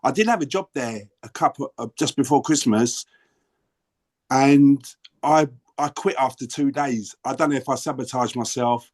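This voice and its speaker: A man's voice: mid-range voice, moderate pace, darkish tone. A man in his sixties with a London accent, sharing his story in a twelve-step workshop in a rambling, earnest way with many restarts. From England. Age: 60s. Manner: rambling, self-interrupting, earnest. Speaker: workshop participant. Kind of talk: casual sharing on a video call.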